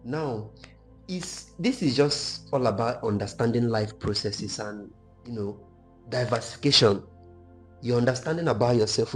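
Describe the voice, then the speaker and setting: A man's voice: mid-range voice, moderate pace. A young man talks in an explaining, teacherly way. He keeps checking that his listeners follow. Faint music plays underneath. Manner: explaining, lecturing tone with checks like "right?". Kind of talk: casual group discussion.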